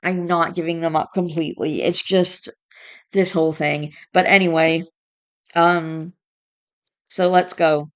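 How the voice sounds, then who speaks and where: Woman vlogger, low voice, smooth, tired and stressed, rambling, trying not to yawn. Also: flat delivery, a little slow, long pauses. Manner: rambling, restarting sentences. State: tired, fighting yawns. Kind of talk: casual vlog chat.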